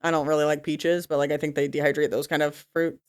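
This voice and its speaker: A woman's voice: low voice, level tone, clear, resonant tone. A young adult woman co-hosting a podcast, chiming in with playful jokes in a casual chat. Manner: playful, quick jokey interjections. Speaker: podcast co-host.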